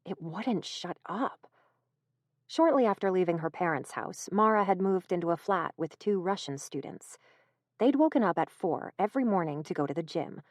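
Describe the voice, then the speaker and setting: A woman reading a horror audiobook in a measured, even storytelling manner, close to the mic. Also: on the low side, dry recording. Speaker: audiobook narrator. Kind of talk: scripted narration.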